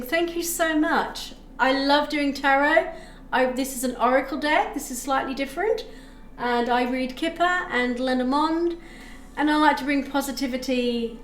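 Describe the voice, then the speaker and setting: A woman streams a live tarot reading, her voice sitting high with a fairly bright tone. She chats with viewers, reads their messages out loud, and thanks them as she interprets the cards. Faint music and slight background noise fill an echoey room.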